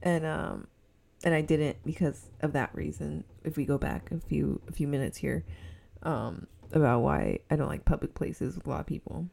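A woman's voice: low voice, normal speed, gravelly, mellow. A woman with a Southern Californian accent, hosting a casual solo podcast at home and rambling giggly with lots of fillers; she says her voice sounds snobby. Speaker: podcast host. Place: indoors at home with a heater on.

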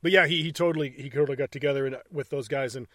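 A man's voice: mid-range voice, racing, a bit bright, no room sound, clean studio sound. A man co-hosting a podcast in casual chat, blunt and profane, laughing often. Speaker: podcast co-host.

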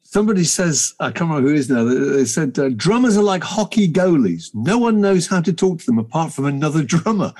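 A male interviewer asks curious, meandering questions, circling through asides before he lands on the point. His voice is a little higher than most men's. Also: sing-song, a little fast, darkish tone. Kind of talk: conversational interview.

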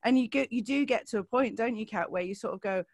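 A woman's voice: on the high side, quick pace, dry recording. A woman from Lincolnshire speaks with an English accent in a chatty, teasing way. She rolls easily into anecdotes like a natural storyteller. The sound is dry and close-miked. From Lincolnshire, England. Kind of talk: casual chat.

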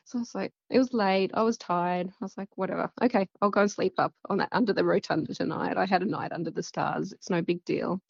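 Woman, Australian accent, rambling storyteller, fry in the voice, close dry sound. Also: fairly low pitch, fairly even intonation, quick pace, few pauses, no echo, lo-fi sound. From central west Queensland, Australia. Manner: rambling, chatty retelling full of "like" fillers. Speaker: guest. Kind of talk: casual storytelling interview.

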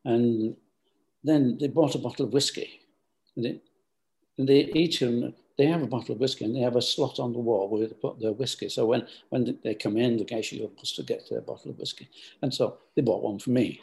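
An older man telling stories from his business life in an interview. His voice is gravelly and worn at the edges. He rambles, stops and restarts his sentences as he feels his way back through the past. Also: mid-range voice, brisk, darkish tone. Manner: rambling, hesitant, many restarts. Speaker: business founder. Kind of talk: storytelling interview answers.

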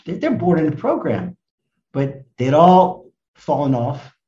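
An older American-born rabbi in his seventies tells stories with emphatic swings between loud bursts and hushed asides. His pitch leaps around in a lively way. The sound is roomy and slightly dull. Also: measured pace. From United States. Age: 70s. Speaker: rabbi and guest speaker. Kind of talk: animated storytelling in conversation.

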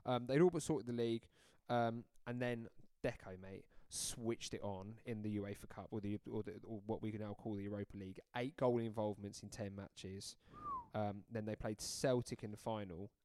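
A man co-hosting a podcast, talking football in a relaxed, teasing way. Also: lowish voice, moderate pace, clean tone, dry recording. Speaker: podcast co-host. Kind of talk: casual football chat.

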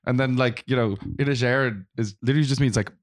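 A man's voice: mid-range voice, quick pace, no room sound, studio quality. A man with an Irish accent, co-hosting a casual film podcast, chatty and rambling. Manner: chatty, rambling with restarts and laughs. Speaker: podcast co-host. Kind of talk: casual chat.

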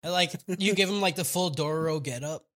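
A man's voice: on the high side, a little fast, a bit bright. A man co-hosting a casual podcast, joking crudely and laughing often. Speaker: podcast co-host. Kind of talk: casual chat.

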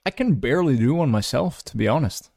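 Relaxed man co-hosting a podcast, dry sound. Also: mid-range voice, brisk, vocal fry, no room sound. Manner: relaxed, teasing banter. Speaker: podcast co-host. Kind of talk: casual podcast chat.

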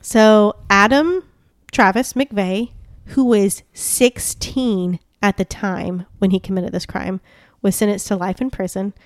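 A woman's voice: mid-range voice, steady tone, slow, no echo, clean studio sound. A woman co-hosting a casual true-crime podcast, retelling a story conversationally with lots of "like" and "yeah". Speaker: podcast co-host.

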